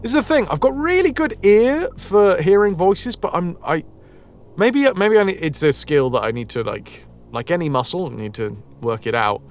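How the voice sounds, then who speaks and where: Lively chatty male game streamer. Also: high-pitched, normal speed, slight background noise. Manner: chatty, reads chat aloud, swears freely. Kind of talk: casual live-stream chat.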